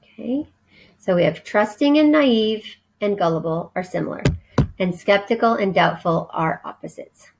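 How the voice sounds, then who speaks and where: A woman's voice: medium pitch, lively intonation, creaky, a little hiss or hum, poor audio. A woman teacher giving a recorded vocabulary lesson, spelling each word letter by letter and explaining its meaning. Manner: slow, spells words letter by letter.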